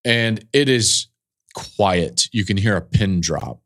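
A man with a somewhat low voice tells a story from the broadcast booth on his podcast. He speaks earnestly, building intensity as he goes, and his voice catches with feeling. He sounds middle-aged, recorded on a studio mic. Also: slow pace, fairly bright tone. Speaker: college football analyst and podcast host.

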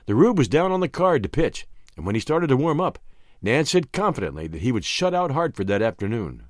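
A man's voice: a little fast, dry recording, clean studio sound. A man narrating a first-person novel as an audiobook, telling the story expressively. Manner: expressive storytelling with wide pitch swings.

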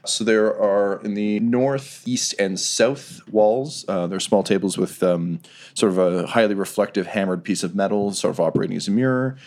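A man narrating as game master of a tabletop game, describing scenes in a measured way. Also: lowish voice, a little mellow.

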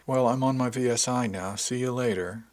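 A man putting on a brisk, teasing young crewwoman. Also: lowish voice, lively intonation.

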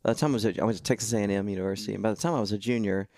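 A man's voice: fairly low pitch, very fast, a little mellow, no room sound, clean studio sound. A man telling a long story in casual podcast chat, acting out the voices of people he quotes. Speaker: guest musician.

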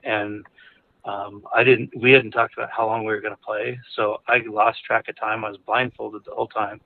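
A man's voice: lowish voice, little pitch movement, normal speed, vocal fry. A male caller telling a personal story frankly, in a candid, rambling way with chuckles between phrases. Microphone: phone call. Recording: tinny phone line.

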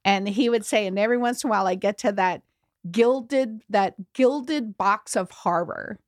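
A woman's voice: medium pitch, moderate pace, dry recording, clean studio sound. A middle-aged woman, a grief educator guest, telling her story candidly in an earnest, emphatic way on a podcast. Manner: earnest and emphatic, with many restarts.

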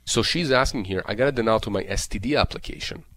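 A man's voice: lowish voice, quick pace, fairly bright tone. A man explaining disability insurance claims on a call-in show, emphatic and repetitive, with many fillers. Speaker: disability lawyer guest expert. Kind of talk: radio call-in advice.

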